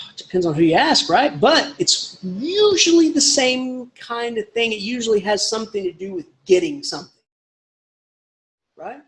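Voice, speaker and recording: A man's voice: extremely high pitch, very animated, normal speed, fairly bright tone. A man giving a casual, rambling literature lecture with emphatic asides.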